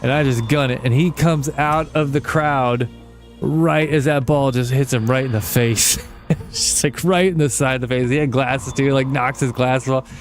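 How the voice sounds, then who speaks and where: A young man hosting a gaming channel, telling long rambling stories and swearing casually while he plays, with quick jumps in pitch when he imitates people. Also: steady tone, faint music behind. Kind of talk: casual let's-play chat while gaming.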